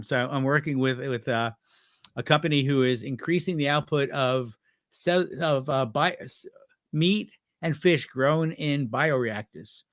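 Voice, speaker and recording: Guy rambling through funny stories as a talk show guest, slightly high voice, dry close sound. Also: a bit bright, no room sound. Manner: rambling anecdotes, laughing at his own stories. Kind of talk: casual chat.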